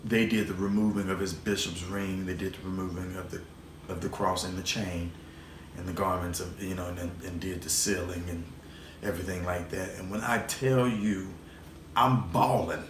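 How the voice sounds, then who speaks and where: A man's voice: low-pitched, steady tone, normal speed. A man hosting his own vlog, telling a personal story in a rambling, emotional way, repeating words and swearing now and then. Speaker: show host. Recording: roomy echo, faint background noise.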